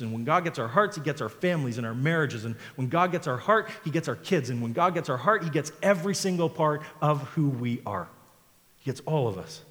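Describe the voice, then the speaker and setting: A male pastor delivering a sermon, his voice sitting at an ordinary middle pitch. He rises into a fervent, repetitive preaching cadence. The sound rings with the long reverb of a church sanctuary.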